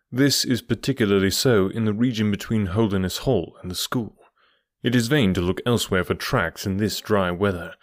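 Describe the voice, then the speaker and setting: A man voicing a calm male detective who explains his reasoning step by step. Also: lowish voice, no room sound, clean studio sound, natural voice. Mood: resolute. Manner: measured, methodical explaining.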